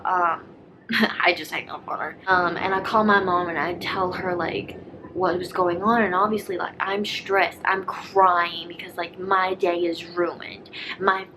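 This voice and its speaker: A woman's voice: mid-range voice, noisy background. A young woman vlogger telling a storytime in a rambling, filler-heavy way, slipping into whispered asides. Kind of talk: casual storytime vlog.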